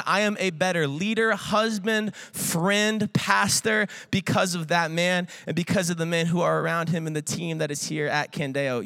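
A man gives a lively, casual sermon, joking with the crowd and acting out little quoted voices between loose filler words. His voice sits high and bright, with a smooth, clear tone. The sound is dry and close, with no room echo. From Iowa, US. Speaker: guest preacher.

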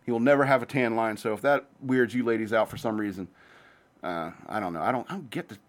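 Man hosting his own show, low-ish voice, loose rambling chat with swearing, hops from topic to topic. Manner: rambling, profane, jumps between topics; says he talks fast. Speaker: podcast host. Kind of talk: casual rambling monologue.

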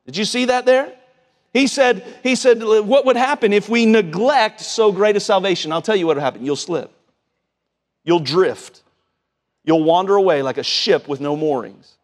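A man preaching a sermon in a folksy, excitable way, often repeating and restarting his words. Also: high voice, normal speed. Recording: long hall reverb.

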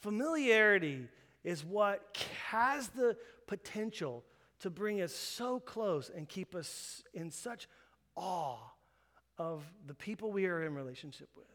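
A man in his thirties preaching a sermon, telling a story and acting out the quoted voices with lively energy. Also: high voice. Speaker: pastor. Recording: long hall reverb.

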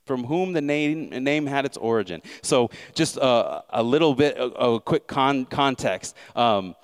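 A male pastor preaching a sermon in a conversational way, with sarcastic asides and frequent self-corrections. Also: mid-range voice.

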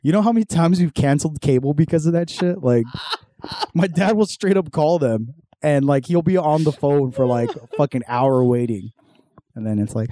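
A man's voice: on the high side, moderate pace, warm tone, no echo. A man in his thirties chatting casually, telling profane, laid-back stories full of quoted voices. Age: 30s. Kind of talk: casual chat.

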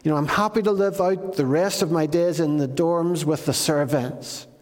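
A man's voice: on the high side, normal speed, natural voice. A man voicing a remorseful young runaway son who pleads and apologizes in a rehearsed way. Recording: long reverb of a large hall.

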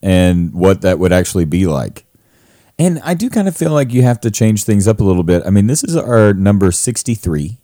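A man's voice: on the low side, very animated, normal speed, mellow, no echo, studio quality. A young adult man co-hosting a podcast in casual, playful chat, teasing his partner and rambling with fillers. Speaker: podcast co-host.

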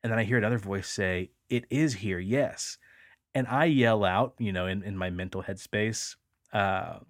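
Low-voiced man rambling through a story. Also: steady tone, moderate pace, no room sound, studio quality. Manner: rambling, filler-heavy, swears casually. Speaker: podcast host. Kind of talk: casual storytelling.

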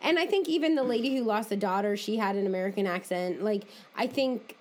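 A woman's voice: mid-range voice, brisk. A woman co-hosting a casual chat, giving wry reactions and her own take. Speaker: podcast co-host.

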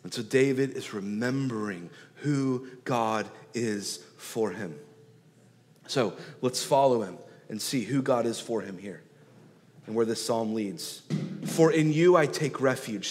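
A man preaching a sermon, rising loud on key phrases and dropping soft and slow to draw them out. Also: mid-range voice. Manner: swells and drops in loudness for emphasis, slows on key words. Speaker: pastor. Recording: long hall reverb.

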